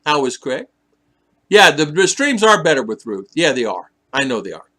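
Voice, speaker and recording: A man's voice: on the high side, big pitch swings, moderate pace, pushed and bright. Teasing man hosting a chatty live stream. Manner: teasing, chatty, laughs often. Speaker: live stream host reading chat. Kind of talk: casual live stream chat.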